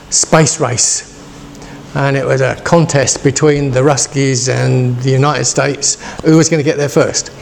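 A man's voice: medium pitch, vocal fry, darkish tone, a little hiss or hum. A man in his sixties preaching a casual, chatty sermon and asking his listeners questions. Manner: chatty, asks the congregation questions.

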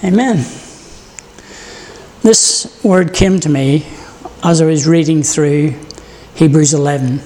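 Slow, earnest preacher giving a sermon. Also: medium pitch, dark tone, big-room sound. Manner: prayerful, earnest, storytelling.

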